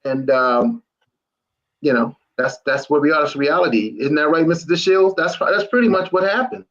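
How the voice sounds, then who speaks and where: Earnest guy on a political panel, halting restarts, kinda dull lo-fi audio. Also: a little high, fairly bright tone. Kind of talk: political discussion. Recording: dull lo-fi sound.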